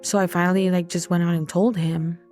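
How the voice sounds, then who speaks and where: A young adult woman telling her own life story in a halting, hesitant way, full of fillers. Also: fairly low pitch, little pitch movement, mellow, soft background music. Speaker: podcast guest sharing her story. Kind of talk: personal testimony.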